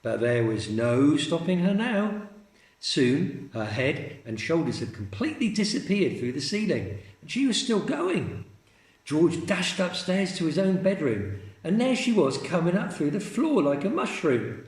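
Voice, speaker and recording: A man teacher reading a children's story aloud in a slow, expressive storytelling manner. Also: a little high, roomy sound.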